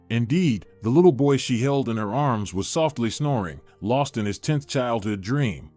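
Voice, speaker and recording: A man's voice: medium pitch, normal speed, few pauses, soft background music. Man reading a story aloud. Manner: steady storytelling. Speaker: narrator. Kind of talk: scripted narration.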